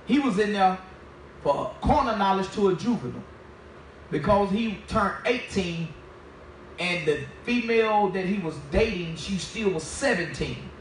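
A man giving a spoken testimony as a minister, telling his story in a lively way and acting out the dialogue. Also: high voice, unhurried, a little hiss or hum. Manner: animated storytelling, acts out dialogue. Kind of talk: testimony sermon. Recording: very echoey, distant from the mic.

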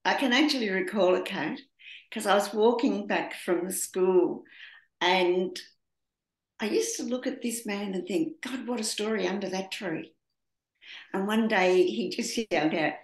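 Woman telling animated stories, echoey room. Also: mid-range voice, moderate pace. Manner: animated storytelling with acted-out quotes. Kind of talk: casual group conversation.

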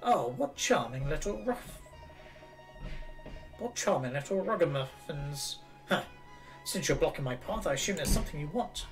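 A man's voice: fairly high pitch, animated, moderate pace, pauses often, over music. A man putting on a snooty posh old gent. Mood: haughty. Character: pompous posh older gentleman, snooty.

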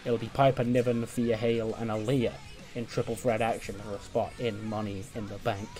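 A man casually recapping a wrestling simulation game, chatty and amused, often laughing and quickly retelling scenes. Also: on the low side, flat delivery, a little mellow. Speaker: video game let's player. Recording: faint background music.

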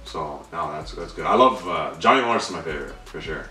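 A young man co-hosting a trailer reaction, chatting casually, excitable and swearing, his voice jumping up when worked up. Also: extremely low pitch, a little fast. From Canada. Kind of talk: casual chat. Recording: echoey room, distant mic, faint music.

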